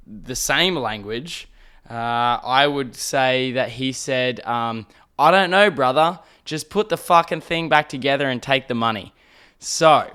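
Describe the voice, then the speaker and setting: A young Australian man tells a story on his own podcast, wandering off track and swearing freely as he goes. His voice is smooth and clear. He acts out the other people in the story as he tells it. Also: mid-range voice, a bit bright. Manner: rambling, swears often, acts out quotes. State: throat irritated by smoke. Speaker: podcast host. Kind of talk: casual storytelling monologue.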